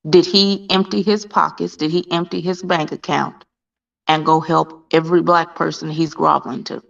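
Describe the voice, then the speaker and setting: A woman's voice: lowish voice, fairly even intonation, moderate pace, vocal fry, a bit bright. A woman making commentary, firing pointed rhetorical questions. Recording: dull lo-fi recording.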